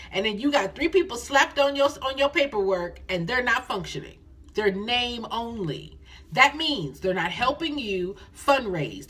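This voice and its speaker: A middle-aged woman coaching nonprofits on a phone live stream, lively and folksy, repeating phrases for emphasis. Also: on the high side, slightly rough.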